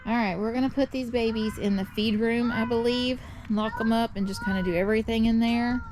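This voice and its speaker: Woman goat farmer, casual rambling vlog voice, slightly high, barn noise and chickens behind. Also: fairly even intonation, a little fast. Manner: chatty, rambling explanations. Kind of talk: casual how-to farm vlog. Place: barn feed room. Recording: farm noise with clucking chickens.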